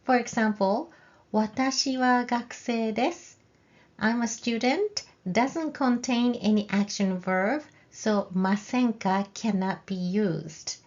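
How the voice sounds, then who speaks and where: A woman teaching a video language lesson, speaking very slowly and clearly so learners can follow. Her voice sits a little high, and she models example phrases with a rising question tone for them to repeat. The recording sounds slightly dull and lo-fi. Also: darkish tone.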